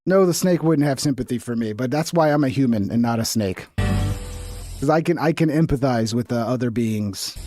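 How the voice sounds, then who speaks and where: A man's voice: mid-range voice, animated, normal speed, music in the background. A man streaming a reaction to a video, talking casually with a profane, exasperated and rambling manner.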